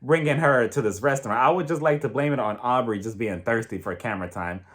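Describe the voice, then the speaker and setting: A man's voice: mid-range voice, fast. Chatty man recapping a TV episode. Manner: chatty, opinionated, addresses viewers directly. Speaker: TV show reviewer.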